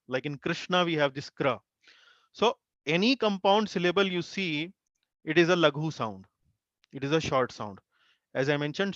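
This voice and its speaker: A man whose first language is Hindi teaches an online class in a voice a little high for a man, with a fairly bright tone. He explains slowly, filling pauses with "uh" and repeating syllables. The video-call audio sounds dull and lo-fi, close and dry, with no room sound.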